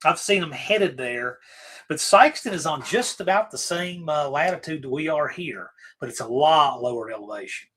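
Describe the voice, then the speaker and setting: A man from Virginia hosts a casual livestream, musing over viewer comments in a relaxed, rambling way and often trailing off before starting again. His voice sits a little high and has a bright, forward edge. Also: normal speed, husky, poor audio. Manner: rambling and easygoing, trailing off and restarting. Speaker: livestream host. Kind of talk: casual live-stream chat, answering viewer comments.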